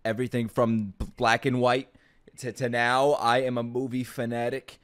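A young man casually reacting to an anime, excitable, laughing and swearing, with loud bursts. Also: medium pitch, moderate pace, clean tone.

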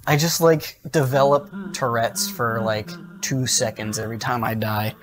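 A man's voice: mid-range voice, fairly bright tone. A young adult man streaming a horror game, chatting casually to viewers and breaking into jumpy, swearing outbursts. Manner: jumpy, swearing outbursts and rambling asides to chat. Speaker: gaming streamer. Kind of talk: casual livestream commentary.

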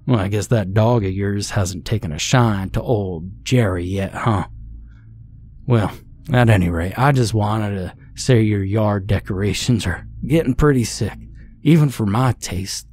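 A man's voice: fairly low pitch, unhurried, a little mellow. A man doing a folksy old farmer. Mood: friendly. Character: older male farmer neighbor, stern but friendly.

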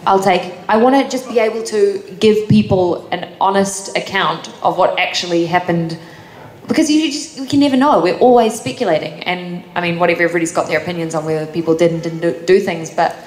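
Young New Zealand woman on a convention panel, chatty, a little low-pitched, in a boomy hall with faint noise. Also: fairly quick, darkish tone. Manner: chatty, laughs often, many fillers. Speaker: actor answering fan questions.

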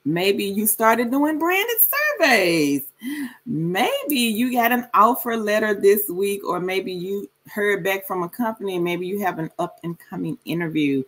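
A woman hosting a casual livestream, reading viewer comments aloud and greeting people by name, sometimes in a sudden high sing-song call. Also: expressive, fairly bright tone. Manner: slow, drawn-out delivery. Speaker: livestream host.

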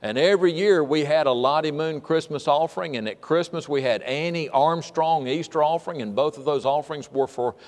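A man's voice: fairly high pitch, a little fast, hardly any pauses, a little mellow. An older man from Georgia, preaching a sermon in a church in an earnest, folksy way with frequent restarts. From Georgia, USA. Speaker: state missionary preaching. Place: church sanctuary. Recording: long hall reverb.

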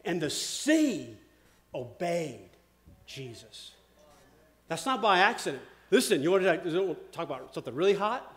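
A man preaching a sermon as pastor. He asks questions, repeats words, and swings from loud emphasis to a hush. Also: high voice, sing-song, normal speed.

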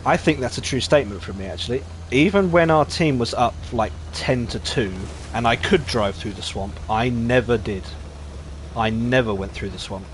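A man giving casual, rambling commentary while streaming a game, chatting easily and getting excitable when the action heats up. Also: mid-range voice, normal speed, slight background noise. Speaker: gaming streamer.

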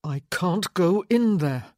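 A narrator doing a hoarse, desperate young lord in a storybook, dry close sound. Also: mid-range voice, animated, moderate pace, no echo. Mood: panicked. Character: young nobleman in panicked grief.

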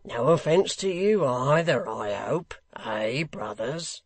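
A man voicing a shabby, wheedling hangman, drawn out and loud. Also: medium pitch, expressive, dry recording. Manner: ingratiating, conciliatory, louder and slower.

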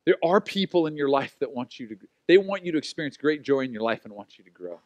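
A man in his forties preaching a sermon, telling personal stories in an animated, self-mocking way. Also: medium pitch, fast talker, no room sound, highs cut off. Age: 40s. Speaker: pastor.

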